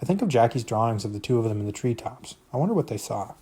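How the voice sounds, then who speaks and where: A man's voice: mid-range voice, very animated, fast talker, mellow, breathy edge. A man reading a novel aloud, narrating expressively in the first person. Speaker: reader.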